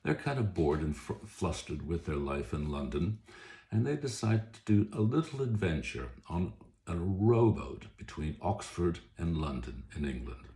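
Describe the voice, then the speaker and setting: Low-voiced guy author rambling about a book, lots of pitch jumps, echoey room with faint hiss. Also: warm tone. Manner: chatty, rambling, self-correcting. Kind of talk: casual book talk to camera.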